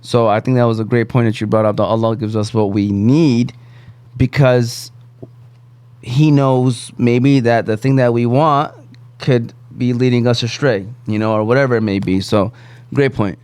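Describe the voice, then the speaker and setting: A man's voice: medium pitch, steady tone, normal speed, a little mellow, smooth, dry recording. A man hosting a podcast, talking reflectively in a casual chat with many restarts. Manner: reflective, talks in restarts and "you know". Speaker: podcast host.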